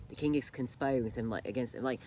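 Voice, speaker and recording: A channel host with a mid-range, warm voice talks fast, with slight background noise, casually retelling a TV drama to a friend. The account rambles, packed with fillers and restarts and broken by bursts of laughter.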